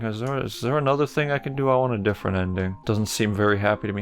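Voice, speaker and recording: A man's voice: on the low side, level tone, fast, hardly any pauses, faint music behind. A man hosting a let's play, reacting to a game with wry, joking commentary. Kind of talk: casual gameplay commentary.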